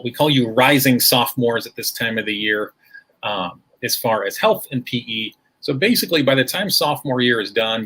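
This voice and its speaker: A man's voice: medium pitch, fairly bright tone, slightly rough. A man hosting a school presentation livestream, taking audience questions with upbeat, formal phrasing.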